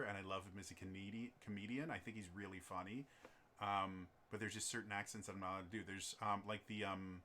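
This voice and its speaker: A man's voice: on the low side, pushed and bright, a little hiss or hum. A man in casual conversation who rambles, with many fillers and restarts. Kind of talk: casual chat.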